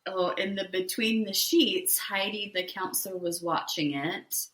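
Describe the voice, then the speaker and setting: A woman co-hosting a podcast, relaxed in casual chat about a reality show and often chiming in with agreement. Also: medium pitch. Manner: slow, relaxed chat with frequent short agreements. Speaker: podcast co-host. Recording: roomy echo.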